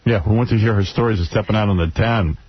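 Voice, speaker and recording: A man's voice: on the low side, fast talker, crowd noise. A man hosting a radio show, chatting casually in a crude, blunt way. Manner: crude, blunt and animated storytelling. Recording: dull radio broadcast audio with faint noise.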